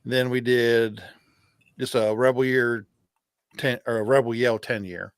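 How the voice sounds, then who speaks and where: A man co-hosting a casual bourbon podcast, telling a story in halting bits and restarting often. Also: medium pitch, steady tone, smooth, no echo, studio quality. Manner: halting, restarts often while recalling details. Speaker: podcast co-host.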